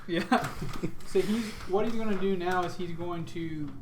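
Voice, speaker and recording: A man's voice: high voice, a little slow, background noise. A man running a tabletop game as dungeon master, narrating gory combat vividly and laughing often.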